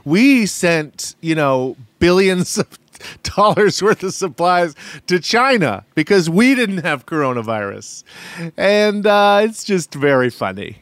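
Man podcast co-host, jokey sarcasm, lively voice, dry close sound. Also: sits high, slow pace, no echo. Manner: sarcastic, joking. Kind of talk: casual recap chat.

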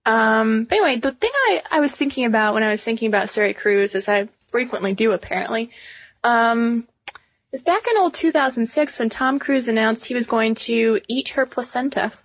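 A woman's voice: a little high, animated, brisk, no room sound. A woman co-hosting a podcast in casual chat, chatty and laughing, with many fillers. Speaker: podcast co-host.

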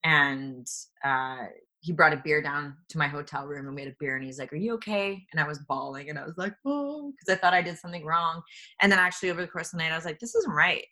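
Actress guest, forties, woman; low-ish, bright, punchy delivery, candid and animated. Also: quick pace. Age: 40s. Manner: animated, restarts often, acts out quoted people. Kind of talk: candid conversational storytelling.

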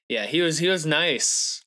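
A man's voice: a little high, sharp tone. A man chatting casually about a tabletop game show, rambling with lots of fillers. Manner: rambling, filler-heavy storytelling. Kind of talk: casual podcast chat.

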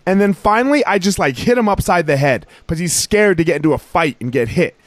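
Man, podcast host, high voice, dry close sound, animated storytelling. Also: brisk, no room sound. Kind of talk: casual podcast conversation.

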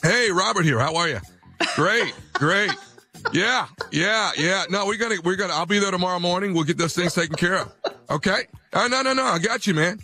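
Guy doing a fake chipper salesman on the phone, chummy, pitched up high. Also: animated, brisk, pushed and bright, faint music behind, full character voice. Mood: fake-cheerful. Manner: overly upbeat, salesy, chummy. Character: phony man faking a polished business voice on the phone.

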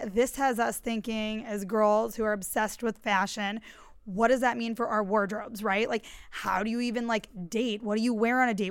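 A woman's voice: a little high, clear, resonant tone, no echo, studio quality. Bubbly chatty woman host. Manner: bubbly, chatty, quick asides. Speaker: podcast host. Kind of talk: casual chat.

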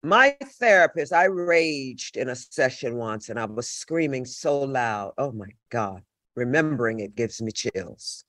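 An older woman with a bright, forceful voice spins wild stories in blunt, profane bursts. She gets loud and animated as she talks, and her voice is recorded close and dry with no room sound. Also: a bass voice, measured pace, no echo. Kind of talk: casual storytelling chat.

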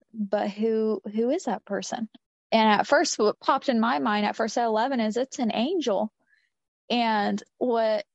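A woman with a somewhat high voice shares a personal story as an interview guest, speaking earnestly and repeating phrases for emphasis. There's no room sound, and the recording is dull and lo-fi.

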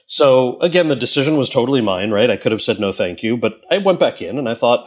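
A man speaking as a guest on an interview show, in a mid-range voice. He tells stories with animated energy and laughs easily. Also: medium pitch, fast talker. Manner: animated storyteller, laughs often. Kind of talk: casual interview chat.

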